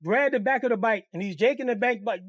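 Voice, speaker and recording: Speaking fast in a very high voice with no echo, this storyteller and channel host recounts a personal story casually. He's profane and animated, performing the voices of everyone in the tale.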